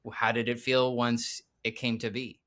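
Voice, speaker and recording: A man's voice: medium pitch, little pitch movement, moderate pace, a bit bright. A man hosting an interview, encouraging his guest with frequent short affirmations. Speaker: interview host. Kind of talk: conversational interview.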